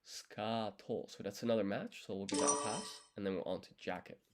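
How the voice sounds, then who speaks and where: Heavy background noise surrounds a young man with a lowish, lively voice who talks fast. Streaming his language study live, he casually thinks aloud, counting strokes as he writes and patiently walking through each step.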